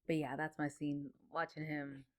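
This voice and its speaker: A woman's voice: deep voice, level tone, normal speed. A woman co-hosting a podcast, chatting casually about a movie, laughing often and mimicking characters as she retells scenes. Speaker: podcast co-host. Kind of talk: casual movie review chat.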